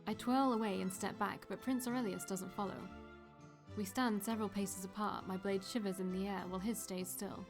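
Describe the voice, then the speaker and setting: A woman streamer reading a visual novel aloud in steady first-person narration, with brief off-script asides. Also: mid-range voice, moderate pace, over music. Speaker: let's play streamer.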